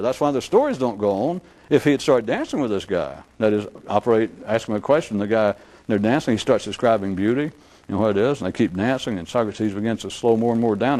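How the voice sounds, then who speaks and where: A man giving an unscripted philosophical lecture in a rambling, animated way, acting out the voices of people he quotes. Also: medium pitch.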